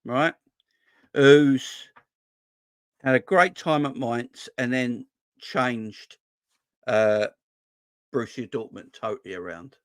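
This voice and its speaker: A man's voice: medium pitch, slow, pauses often, clear, resonant tone, no echo, studio quality. A man hosting a football fan channel, giving a rambling casual opinion monologue that repeats phrases and keeps checking with "yeah?" and "right?".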